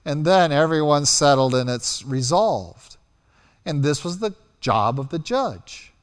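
A man preaches a sermon, telling the story with animated delivery and acting out the quotes as he goes. His voice is a little high, and a long reverb tail follows it.

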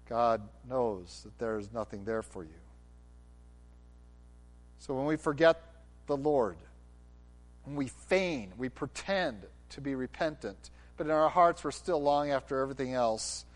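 A man's voice: mid-range voice, lively intonation, measured pace, pauses often. A middle-aged man preaching a sermon, with acted quotes and passionate, rising delivery. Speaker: pastor.

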